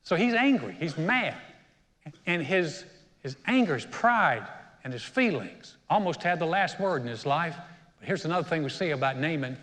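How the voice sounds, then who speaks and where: Pastor with a higher voice in a reverberant church hall. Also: male voice, expressive, moderate pace, fairly bright tone. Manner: conversational storytelling, acts out quotes. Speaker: senior pastor. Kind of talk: sermon. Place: church auditorium.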